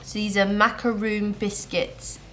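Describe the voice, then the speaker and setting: A young British woman co-hosting a casual taste-test chat, bubbly and easily excited. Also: medium pitch, a little slow, faint music behind, rough recording. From United Kingdom. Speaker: co-host.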